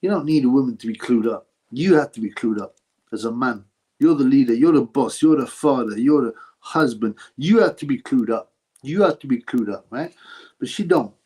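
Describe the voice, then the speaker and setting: A man's voice: mid-range voice, animated, normal speed, warm tone, breathy edge. A British man with an ordinary mid-range voice hosts a casual live chat. He reads each viewer question aloud, then fires back a blunt, crude answer. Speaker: livestream host answering chat.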